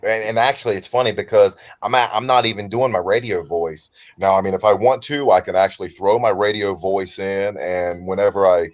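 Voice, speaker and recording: A man with a baritone voice and a light Southern American accent, a guest talking in a relaxed, rambling way over a remote call. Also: fairly quick, hardly any pauses, lo-fi sound. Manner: relaxed, rambling, comfortable speaker. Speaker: interview guest. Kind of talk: casual interview talk.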